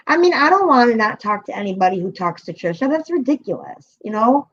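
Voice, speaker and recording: A woman's voice: a little high, big pitch swings, fairly quick, a bit bright. A woman hosting a live stream, chatting casually, rambling and swearing, with frequent laughter. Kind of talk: casual chat. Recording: muffled lo-fi audio.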